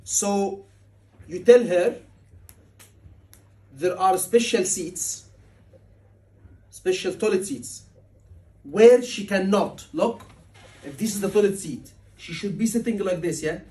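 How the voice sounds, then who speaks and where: Animated male tutor heard from afar. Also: high-pitched, takes it slowly, pauses often. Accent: Liverpool. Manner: animated, asks the class questions often. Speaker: surgery exam tutor. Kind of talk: teaching a class, acting out patient lines. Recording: voice from a distance.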